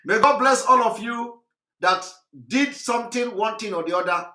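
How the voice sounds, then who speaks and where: A hoarse man, hosting a live address, talking repetitively with laughs and emphasis. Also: high-pitched, moderate pace, bright, forceful tone, echoey room. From Nigeria. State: hoarse, recovering voice. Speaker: host of a live broadcast.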